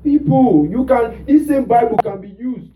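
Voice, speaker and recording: High-voiced preacher calling to his congregation. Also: moderate pace, far from the mic, narrow, tinny audio. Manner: call-and-response preaching, rhetorical "what?" prompts. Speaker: pastor. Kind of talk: sermon. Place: church. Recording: roomy church sound from off mic.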